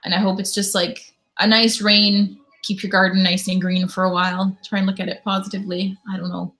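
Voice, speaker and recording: Mom doing a solo live stream, just chatting and reading comments, super casual. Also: female voice, medium pitch, flat delivery, fairly quick, a bit bright. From Canada. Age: adult parent. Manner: chatty, reads and answers viewer comments.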